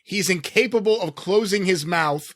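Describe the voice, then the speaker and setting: A man's voice: sits high, normal speed, a bit bright, dry recording, studio quality. A man co-hosting a podcast, reading a listener's mocking letter aloud with sarcastic delivery.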